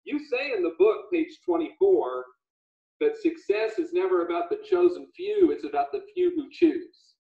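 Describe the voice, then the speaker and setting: An animated man hosting a casual call, his fairly high voice gravelly and swinging widely in pitch. He retells stories with quoted voices, heard in an echoey room over dull, lo-fi audio. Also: normal speed. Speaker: livestream host. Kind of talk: casual video call chat.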